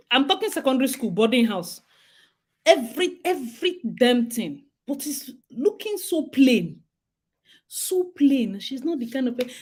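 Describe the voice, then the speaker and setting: Animated Nigerian woman chatting. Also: a little high. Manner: animated, laughing, dramatic asides. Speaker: talk show co-host. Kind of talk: casual chat.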